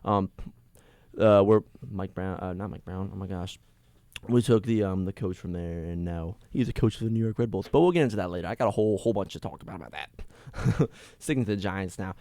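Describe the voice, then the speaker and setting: A man hosting a sports podcast, ranting alone in an excitable, rambling way with many restarts. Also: deep voice, fast, no echo. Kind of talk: casual solo sports rant.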